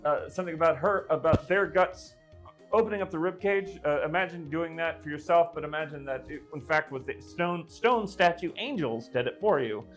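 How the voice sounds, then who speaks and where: A man's voice: fairly high pitch, a little fast, faint music behind. A man improvising a gruesome comic story on a live stream, rambling with many fillers and restarts.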